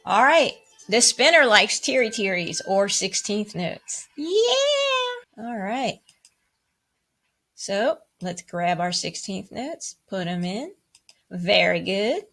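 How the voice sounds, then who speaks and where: A woman's voice: lively intonation, slow, fairly bright tone, soft background music. Bubbly woman teacher whooping at the kids. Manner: bubbly and playful, with high whoops and cheers; chants rhythm syllables and counts. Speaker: music teacher. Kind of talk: online music lesson for children.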